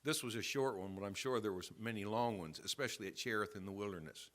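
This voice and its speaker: A man pastor preaching a sermon in a church, telling a story with swings from quiet asides to loud emphasis. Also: fairly low pitch, fast. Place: church sanctuary.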